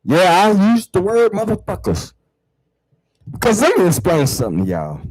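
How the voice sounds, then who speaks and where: A man hosting his own show, ranting heatedly to viewers about religion and spirituality, swearing a lot and repeating words, swinging from low mutters to loud outbursts. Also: huge pitch swings, moderate pace, husky, no echo, rough recording. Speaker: online show host. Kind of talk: profane spiritual rant to viewers.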